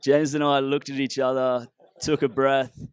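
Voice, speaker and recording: A man's voice: medium pitch, flat delivery, measured pace, a little hiss or hum. A man, a startup founder giving a casual, humorous storytelling talk with a self-deprecating touch.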